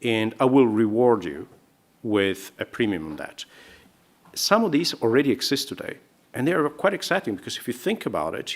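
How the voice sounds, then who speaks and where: A man on a conference panel, explaining his points in a measured way. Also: mid-range voice.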